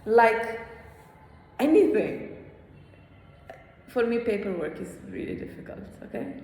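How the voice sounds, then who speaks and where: A woman yoga teacher leading a small class, animated, often checking in with a quick "hmm?". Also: a little high, gravelly. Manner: animated, checks in with "hmm?", acts out inner voices. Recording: echoey hall with faint ambience.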